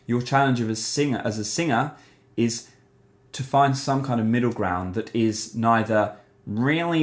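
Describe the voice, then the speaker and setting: A man's voice: medium pitch, normal speed. A man giving a casual voice lesson, explaining resonance and singing short syllables to demonstrate. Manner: demonstrates vocal sounds on syllables like "ma" and "mum"; relaxed, conversational explaining. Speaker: singing teacher. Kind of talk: voice lesson to camera.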